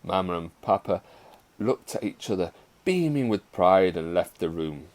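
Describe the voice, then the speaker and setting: A man's voice: sits low, measured pace. Man reading a storybook aloud. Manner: expressive, playful. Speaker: teacher reading to a class.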